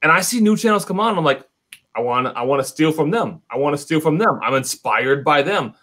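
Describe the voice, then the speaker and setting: A man's voice: a little high, lively intonation, brisk, bright, forceful tone. A man chatting as a guest on a whiskey livestream, tipsy, enthusiastic and chummy, calling people buddy. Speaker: whiskey YouTube co-host, guest. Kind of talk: casual livestream chat.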